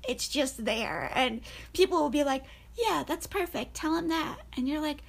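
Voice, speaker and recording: A woman's voice: high-pitched, expressive, moderate pace, vocal fry. A woman co-hosting a podcast in casual chat, telling stories animatedly and laughing often. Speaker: podcast co-host.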